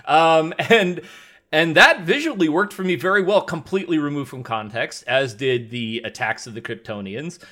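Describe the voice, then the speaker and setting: A man's voice: a little high, animated, moderate pace, sharp tone. A Canadian man co-hosting a TV recap podcast, rambling and joking in casual chat. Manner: rambling, jokey, trailing off and restarting. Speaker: podcast co-host.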